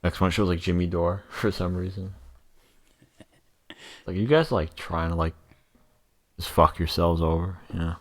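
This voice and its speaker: A low-pitched man co-hosting a casual podcast, talking loosely with many fillers. He swears freely and trails between thoughts. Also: a little slow, long pauses. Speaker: podcast co-host. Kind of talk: casual chat reacting to a video.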